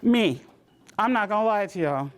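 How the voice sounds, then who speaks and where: A woman, giving a community health talk and telling lively personal stories, acting out the voices of the people in them. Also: mid-range voice, normal speed. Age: 60s. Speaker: presenter.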